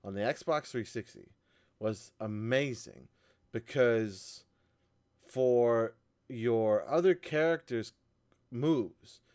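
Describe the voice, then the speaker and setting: A man co-hosting a casual gaming podcast, animated and laughing, often tripping over his words. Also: medium pitch, takes it slowly, pauses often, clear, resonant tone. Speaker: podcast co-host. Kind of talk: casual chat.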